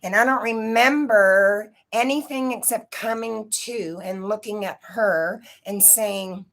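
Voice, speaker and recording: A woman's voice: mid-range voice, takes it slowly, hardly any pauses, fairly bright tone. A woman telling a personal story in a casual, rambling way, swearing freely and often checking in with her listeners. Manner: profane, rambling, keeps asking "right?".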